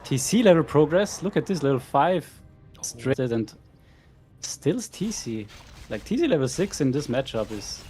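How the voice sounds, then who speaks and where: A man's voice: mid-range voice, sing-song, measured pace, warm tone. Male co-caster, analytical play-by-play, faint background music. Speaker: esports co-caster. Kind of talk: live game commentary.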